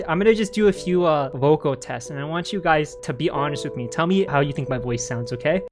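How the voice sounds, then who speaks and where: A woman YouTuber narrating a comedic vlog and joking deadpan on voice chat, often breaking into laughter. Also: low voice, fast talker, few pauses, music in the background.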